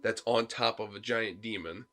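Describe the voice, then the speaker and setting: A man's voice: fairly low pitch, normal speed. A man on a casual podcast, telling stories with lots of energy and acting out the characters' lines as he goes. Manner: animated storyteller, acting out game characters' lines. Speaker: podcast co-host. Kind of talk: casual chat about video games.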